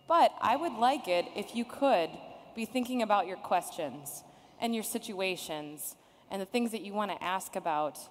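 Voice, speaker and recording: Woman panel moderator, chatty and wry, long echo of a conference hall. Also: a little high. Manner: chatty, sarcastic, laughs often. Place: conference room with audience.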